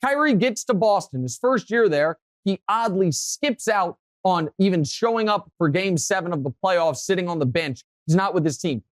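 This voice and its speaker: A male sports talk host from the Kansas City area, USA, chats casually in a dry studio with no room echo. He's an animated storyteller whose voice climbs higher as he gets fired up, speaking at normal speed with hardly any pauses.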